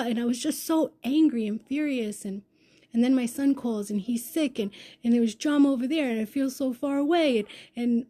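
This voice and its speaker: A woman in her thirties or forties telling an emotional personal story, intense and swearing, swinging from hushed to loud. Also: a little high, a little fast. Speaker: vlogger.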